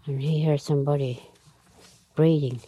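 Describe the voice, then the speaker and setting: A woman slowly tells a traditional tale, her voice low and husky. She pauses often, searches for words and uses nonstandard grammar. The tone is dark and mellow. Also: steady tone, low-quality recording. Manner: halting, unhurried telling with many pauses and fillers, nonstandard grammar. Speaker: storyteller. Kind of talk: traditional oral storytelling.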